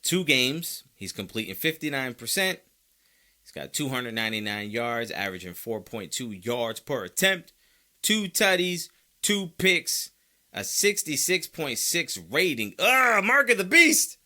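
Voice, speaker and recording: A man's voice: mid-range voice, lively intonation, a little slow, pushed and bright. A man hosting a sports podcast, talking casually and playfully about football stats and now and then mock-quoting fans in exaggerated voices. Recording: mic close by.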